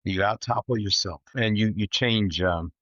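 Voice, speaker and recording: A man talks as an interview guest in a very low voice. He is laid-back and reflective, filling his speech with "you know" and "like". The recording is dull and dry. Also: normal speed, sharp tone, dry recording. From East Texas. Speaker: guest entrepreneur. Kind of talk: casual interview chat.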